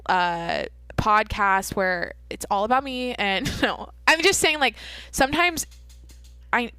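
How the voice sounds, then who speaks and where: A woman's voice: a little high, expressive, slow, pushed and bright, clean tone, no echo. A young woman hosting her own podcast, telling a long rambling story full of swearing and self-interruptions. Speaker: podcast host. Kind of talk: casual solo podcast monologue. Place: home at night.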